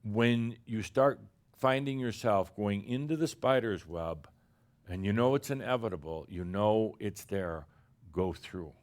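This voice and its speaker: Addressing listeners as "dear human," this man channels an entity in the role of a spiritual teacher. He sounds on the low side and performs theatrically and playfully, alternating loud emphasis with hushed, stretched-out lines.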